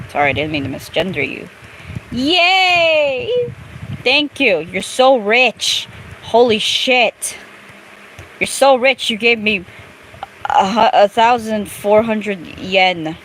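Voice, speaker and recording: Woman, young adult, crude chatty game commentary, unhurried, faint noise behind. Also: medium pitch, a bit bright, rough recording. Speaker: gameplay streamer. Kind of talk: casual gameplay commentary.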